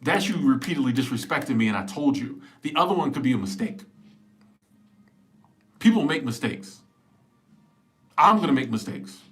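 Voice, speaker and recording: Animated man in his forties chatting live. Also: medium pitch, normal speed, pauses often, soft background music. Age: 40s. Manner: animated, emphatic, joking. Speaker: live-stream host. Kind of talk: casual live-stream chat answering viewers. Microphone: small wireless clip-on mic.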